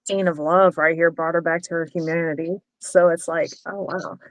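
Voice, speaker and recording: A woman in a casual online book club chat, explaining her reasoning at length. Her voice sits low, and the sound is close and dry. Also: little pitch movement, moderate pace, no echo, poor audio.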